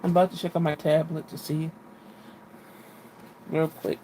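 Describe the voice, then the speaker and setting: A woman's voice: low-pitched, little pitch movement, moderate pace, dark tone, slight background noise. A woman livestreaming in casual chat, frustrated and venting, swearing now and then. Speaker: livestream host.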